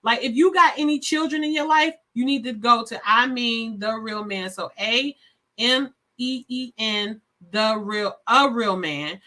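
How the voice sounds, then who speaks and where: Woman, live-stream host, effusive, talks to viewers, bright voice, slightly high. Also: normal speed, few pauses. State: sleepy. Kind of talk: casual live-stream sign-off.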